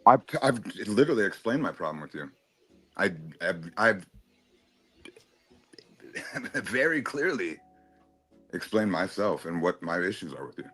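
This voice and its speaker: A man's voice: deep voice, big pitch swings, unhurried, pauses often, fairly bright tone, husky, faint music behind. A man in a heated, casual stream chat, taunting and swearing at another panelist. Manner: profane, taunting, confrontational.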